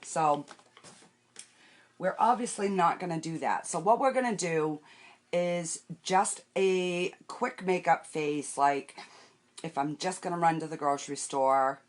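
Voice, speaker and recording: A woman's voice: lowish voice, unhurried. An older woman chatting casually on a makeup live stream, rambling through her day and greeting viewers by name. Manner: talks while wiping her face and doing makeup. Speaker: makeup vlogger.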